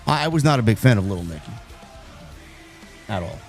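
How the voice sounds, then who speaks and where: Over faint background music, a New York man hosting a wrestling live stream talks briskly in a fairly low, very animated voice. He rambles casually, restarts often, and reads viewer messages aloud.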